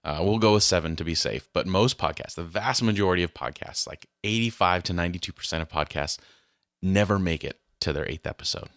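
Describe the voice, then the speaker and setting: A man's voice: deep voice, fairly quick, a bit bright, dry recording, clean studio sound. A man hosting a faith podcast, chatting casually and announcing with playful mock grandeur. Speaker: podcast host. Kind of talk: casual chat.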